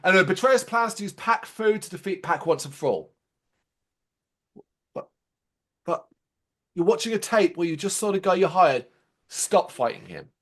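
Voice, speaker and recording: A man co-hosting a casual review podcast, talking in an animated, sarcastic way and swearing freely. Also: sits high, normal speed, long pauses. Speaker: podcast co-host.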